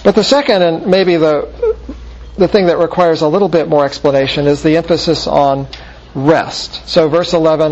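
Man, preacher, expository Bible teaching, fairly high voice, muffled lo-fi recording. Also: normal speed, a little mellow. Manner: explanatory, asks checking questions like "okay?" and "right?". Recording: dull lo-fi recording.

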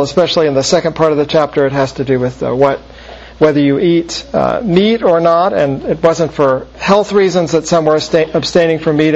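A man works slowly through a scripture passage in a sermon, explaining as he goes. He pauses often mid-phrase in a measured way. His voice sits somewhat high and comes through a dull, lo-fi recording. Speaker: preacher. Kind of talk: expository Bible teaching. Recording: muffled lo-fi recording.

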